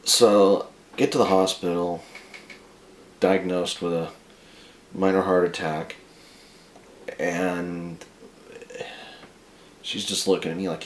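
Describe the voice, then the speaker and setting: A man telling a dark, comic story about himself in a crude, profane, rambling way. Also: deep voice, fairly even intonation, a little slow, long pauses, reverberant, slight background noise.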